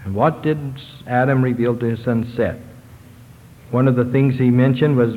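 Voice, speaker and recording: A man giving a religious lecture to a congregation, slowing down and lifting his voice when he reads scripture passages aloud. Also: steady tone. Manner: slows down and lifts his pitch to read scripture quotations aloud. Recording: tinny lo-fi sound with long hall reverb.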